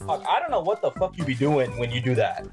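A man talking to his teammate over voice chat during a game, quiet and laid-back, with short replies. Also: medium pitch, sing-song, quick pace, faint music behind.

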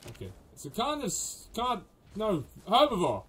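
A man hosting a gaming channel, giving let's play commentary, excitable, yelping and laughing and talking to the characters on screen. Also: sits high, normal speed, a little hiss or hum, low-quality recording. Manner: excitable, yelps and laughs often; talks to the game characters.

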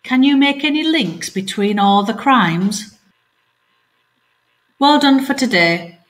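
A primary school teacher reading a story aloud in a remote lesson, speaking clearly and asking pupils questions. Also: female voice, fairly high pitch, lively intonation, slow pace.

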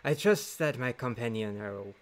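A man's voice: medium pitch, animated, normal speed, natural voice. A man voicing a flamboyant male fox prince with a put-on Spanish accent, speaking in a grand, courtly way.

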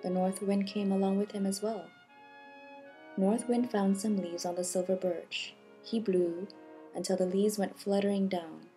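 A woman narrating a storybook fable for children in a gentle, measured reading. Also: medium pitch, fairly even intonation. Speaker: audiobook narrator. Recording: music bed behind the voice.

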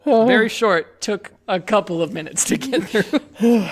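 A woman's voice: mid-range voice, expressive, husky. A woman hosting a casual podcast, chatty and prone to laughing. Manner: chatty, slow, laughs often. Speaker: podcast host. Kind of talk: casual chat.

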